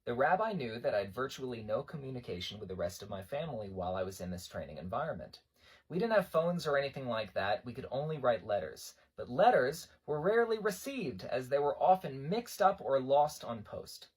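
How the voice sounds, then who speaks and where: A young man from New York, an army veteran, telling wry stories about basic training in a casual, animated way. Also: mid-range voice, brisk, husky. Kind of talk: casual spoken storytelling.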